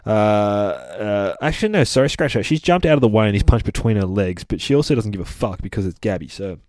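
A man reviewing a comic book in a casual, excited retelling, swearing often and rambling as he goes. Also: lowish voice, fairly quick, dry recording, clean studio sound. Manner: profane, rambling, bursts of excited laughter.

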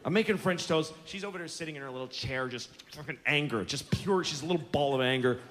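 A man's voice: a little high, fast talker, fairly bright tone. A man in his forties doing a stand-up routine, telling stories in an exasperated, profane way. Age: 40s. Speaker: stand-up comedian. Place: theater stage before an audience. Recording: live show with room noise.

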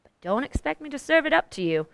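An actress playing a gruff, bossy, middle-aged hired cook who talks in a blunt, folksy way, in 1940s radio acting. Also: female voice, sits high, sing-song, fast, fairly bright tone, dry recording, heavily acted. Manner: blunt, folksy, ordering people about.

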